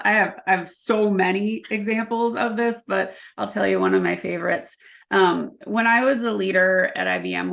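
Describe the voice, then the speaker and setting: Low-voiced, gravelly woman telling stories. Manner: energetic storyteller, acts out quoted dialogue; filler-heavy, frequent ums. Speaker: podcast guest, leadership consultant. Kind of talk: casual interview conversation.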